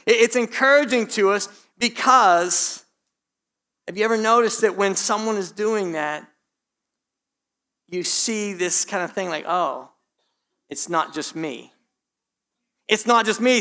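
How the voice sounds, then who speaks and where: Male pastor, slightly hoarse, conversational sermon delivery, high-pitched voice. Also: fairly bright tone. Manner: conversational, direct address to the congregation, frequent repetition.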